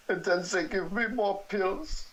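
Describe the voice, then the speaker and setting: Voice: medium pitch, takes it slowly, a bit bright, pitched above the performer's own voice, poor audio. Someone putting on a haunted old mother with a French accent. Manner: pleading, repeats herself. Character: elderly grieving mother in a mental home, frail, haunted. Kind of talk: horror tabletop role-play.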